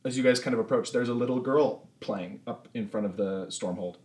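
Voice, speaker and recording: A man narrating as game master in a tabletop game, relaxed and full of fillers. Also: mid-range voice, fairly quick.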